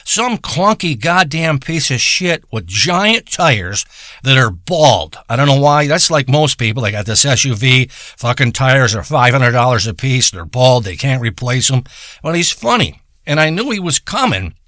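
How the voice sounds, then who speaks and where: A man telling a rambling, profane comic story in a crude, deadpan way. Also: mid-range voice, a little slow, no room sound, studio quality. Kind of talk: rambling comedic monologue.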